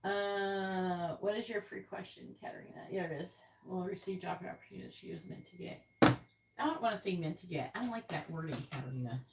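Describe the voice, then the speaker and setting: A woman's voice: lowish voice, fast, heavy background noise. A woman hosting a live tarot stream, chatting casually and bluntly with viewers and swearing freely. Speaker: tarot reader host.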